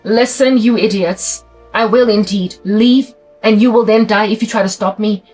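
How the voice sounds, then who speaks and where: A South African woman giving a fervent, preachy vlog monologue, rapid and repetitive, sometimes breaking into song. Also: mid-range voice, steady tone, a little mellow, faint music behind. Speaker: Christian vlogger. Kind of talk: impassioned monologue to camera.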